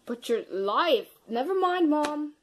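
A woman narrating a toy play story casually, playful and dramatic, swinging between whispers and excited shrieks. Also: high voice, a little slow, slight background noise.

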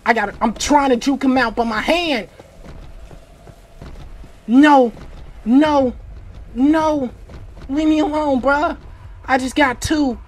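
A gamer giving casual, slang-filled commentary on a horror game, panicking, repeating short exclamations and breaking into shouts. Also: high voice, takes it slowly, long pauses.

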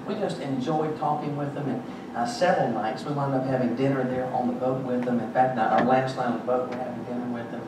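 A pastor preaches to his congregation, telling stories and joking dryly between points. His voice booms around a very echoey sanctuary, picked up from a distance with steady background noise. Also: fairly quick, hardly any pauses. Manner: conversational, joking storytelling preacher. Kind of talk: sermon. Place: church sanctuary.

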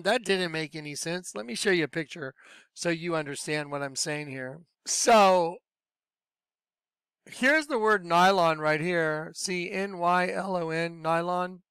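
A man telling his personal religious testimony in a lively storytelling way, acting out what he said back then. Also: sits high, clean tone, dry recording, studio quality. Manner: animated storyteller, acts out his own past voice. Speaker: speaker sharing a religious testimony.

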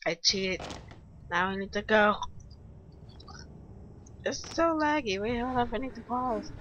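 High, lively cursing woman gamer. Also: unhurried, highs cut off, slight background noise. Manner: swears and shouts in frustration, laughs. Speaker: let's play gamer. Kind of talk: gameplay commentary.

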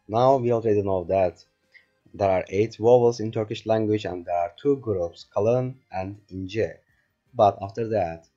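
A man teaching a beginner language lesson online, going over the rules patiently and slowly and checking in often with his learners. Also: lowish voice, dark tone, dull audio. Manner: patient, slow drilling, keeps asking "remember?".

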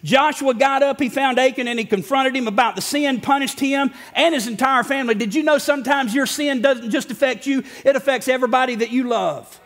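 A middle-aged male pastor preaching a sermon to a congregation in a church. He is folksy and humorous and rises to shouts for emphasis. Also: very high voice, brisk, few pauses. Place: church sanctuary before a congregation.

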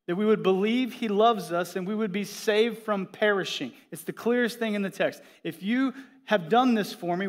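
With a high voice, a middle-aged pastor delivers a church sermon full of lively, joking storytelling.

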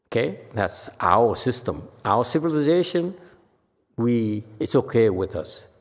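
Gravelly monk lecturing in a hall. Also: male voice, medium pitch, unhurried. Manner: animated storytelling, acting out quotes. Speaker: Buddhist monk lecturing on a sutra. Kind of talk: informal sutra lecture.

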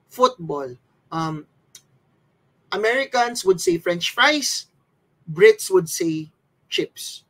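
Test-prep teacher, slide lesson, patient step-by-step explaining, mid-range pitch. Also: a bit bright, poor audio. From Philippines.

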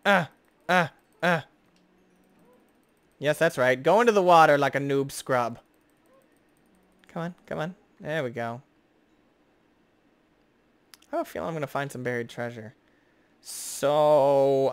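A young man giving excitable, jokey gameplay commentary as host, chatting to the creatures on screen. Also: a little high, clean tone, dry recording. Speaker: gaming video host.

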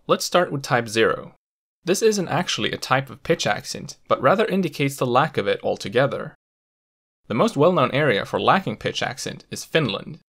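Man, language channel host, scripted lesson, methodical and clear, gravelly fry in the voice. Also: mid-range voice, fairly bright tone. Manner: clear, methodical explaining with light humor. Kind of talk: scripted educational explainer.

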